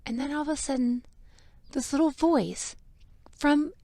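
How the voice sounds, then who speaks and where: A woman's voice: sits high, a little slow, dark tone, no echo. A mother hosting a podcast, telling a personal story in a frank, emotional way with laughs and the odd swear. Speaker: podcast host.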